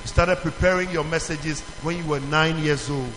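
A man's voice: on the high side, moderate pace, music in the background. A man teaching a children's church in call-and-response, asking questions and prompting the group to answer. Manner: animated, questioning the audience, calling for answers. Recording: reverberant hall.

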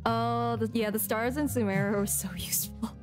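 A woman streamer with a fairly high-pitched voice and fairly even intonation talks at a normal speed. She gives casual, chatty commentary as she plays, talking to herself and giggling often over game music.

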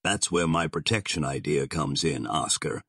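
A man's voice: very deep voice, normal speed, a bit bright, slightly rough, no echo, clean studio sound, full character voice. A man voicing a sardonic male gangster boss who drawls his threats in slang. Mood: menacing.

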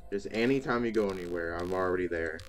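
Low-voiced man reacting to a game. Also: quick pace, soft background music. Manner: talks to game characters, frequent startled exclamations. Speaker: gaming video host. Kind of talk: let's play commentary.

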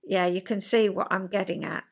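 A woman hosting a podcast, chatting about psychology and acting out quoted voices with sudden pitch jumps. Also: steady tone, normal speed. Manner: chatty, checks in with listener. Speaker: podcast host. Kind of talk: casual chat explaining psychology.

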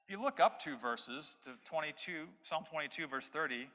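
Bright-voiced male pastor preaching in a hall. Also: fairly high pitch, lively intonation, moderate pace. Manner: expository preaching, emphatic repetition. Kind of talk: sermon. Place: church sanctuary. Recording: long hall reverb.

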